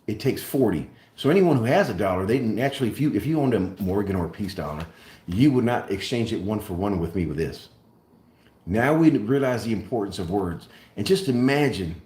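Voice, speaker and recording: A man's voice: lowish voice, darkish tone. Emphatic man lecturing in an echoey room. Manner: emphatic, deliberate, repeats key points like a lecturer. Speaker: host. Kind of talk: live-stream monologue on precious metals.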